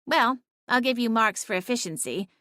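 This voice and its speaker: A woman's voice: on the high side, animated, moderate pace, bright, forceful tone, no echo, voice pushed up. A woman voicing a small, sassy female talking cat who is bossy and bloodthirsty, in a dry audiobook reading. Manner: snarky, bossy, dramatic.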